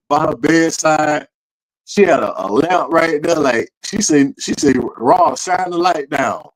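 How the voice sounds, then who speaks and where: A man who tells a family story in casual chat. He talks loose and full of slang and swearing, and his voice sits a little high for a man. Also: poor audio. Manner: animated storyteller with slang and profanity. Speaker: podcast co-host.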